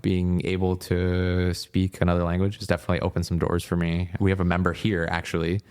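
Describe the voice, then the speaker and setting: A man's voice: sits low, brisk, clean tone. A man in his thirties from Virginia, a former hockey coach, telling stories as a podcast guest and acting out the people he quotes. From Virginia, United States. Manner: lively storyteller who acts out quoted people. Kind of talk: casual interview storytelling.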